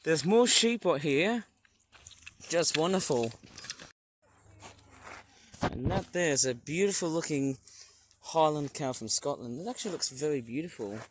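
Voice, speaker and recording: Recorded outdoors on a handheld tablet, this English man strolls a farm and narrates casually for his vlog, full of enthusiasm and puns. He pitches on the high side with lively intonation, taking his time with long pauses over slight background noise.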